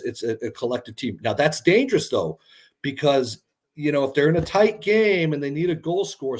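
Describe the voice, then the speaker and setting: A man breaks down a soccer team in easygoing sports talk. His voice is a bit husky and his delivery lively and casual, full of fillers and slang. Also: medium pitch. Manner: animated, uses filler and "dude". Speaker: soccer commentator guest.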